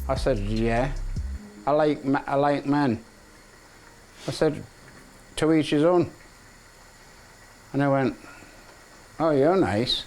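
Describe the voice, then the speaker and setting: Older dad retelling a chat, matter of fact, voice a bit on the high side, faint music. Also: male voice, takes it slowly, pauses often, darkish tone, rough recording. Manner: matter-of-fact, recounting conversations. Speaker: father of the show's star. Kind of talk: casual storytelling.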